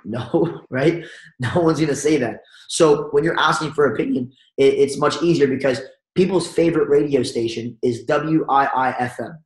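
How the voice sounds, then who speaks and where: A man giving an energetic sales training talk and acting out phone calls as he coaches his audience. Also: mid-range voice, moderate pace, echoey room, low-quality recording. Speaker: network marketing trainer.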